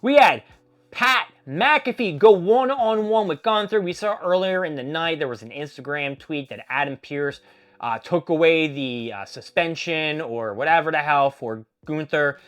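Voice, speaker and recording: A man giving a casual, profanity-filled solo recap of a wrestling show, rambling and animated as he tells what happened. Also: on the high side, measured pace.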